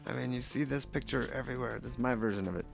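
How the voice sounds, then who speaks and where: A man with a gravelly, creaky voice at a middle pitch, chatting in a loose, jokey ramble about his own paintings. Faint music plays behind him. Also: racing. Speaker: painter showing his work. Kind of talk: casual commentary.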